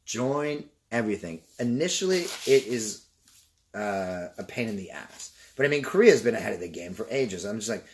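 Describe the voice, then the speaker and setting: A man's voice: on the low side, sing-song, normal speed, slight background noise. A young man from Canada opening boxes in a casual vlog, rambling and swearing and getting sidetracked. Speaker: vlogger.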